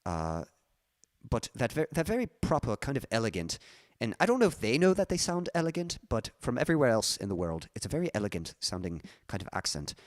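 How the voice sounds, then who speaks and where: A young man chats casually on his music live stream, rambling, correcting himself, and letting out small chuckles. His medium-pitched voice swings widely in pitch and moves fairly quickly. The recording is dry and studio quality.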